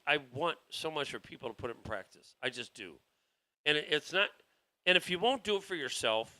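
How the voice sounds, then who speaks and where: A man with a bright, mid-range voice hosts a political talk show, speaking in a forceful tone. He delivers a heated, rambling monologue and keeps restarting his sentences.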